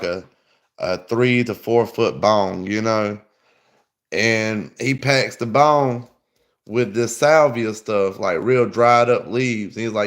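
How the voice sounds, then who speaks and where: A man telling a long, rambling story in casual chat, full of slang and swearing. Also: fairly low pitch. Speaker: podcast host.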